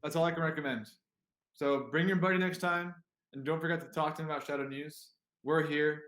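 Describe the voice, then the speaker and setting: A man's voice: a little high, fairly even intonation, brisk, a bit bright. A man hosting a livestream show in a jokey, hesitant way, with many restarts. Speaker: show host. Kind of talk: casual livestream chat. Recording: echoey room.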